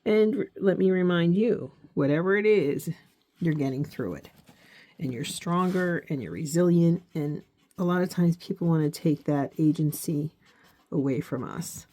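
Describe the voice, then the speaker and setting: A woman's voice: low-pitched, lively intonation, moderate pace, dark tone. A woman vlogging as she sets up her journal, talking earnestly and encouragingly straight to her viewers, often checking in with them. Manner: reflective, with frequent "okay?" check-ins. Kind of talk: casual heartfelt talk while crafting.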